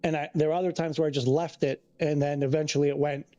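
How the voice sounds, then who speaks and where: A man's voice: a little high, level tone, quick pace, mellow, no room sound, lo-fi sound, faint music behind. Rambling man chatting on a stream. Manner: rambling, restarts sentences, reads chat aloud. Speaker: livestreamer. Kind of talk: casual live-stream chat.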